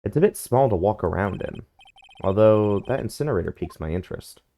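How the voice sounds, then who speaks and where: A man's voice: lowish voice, expressive, fairly quick, creaky, mellow. A man reading game dialogue aloud in a dry, wry tone during a playthrough.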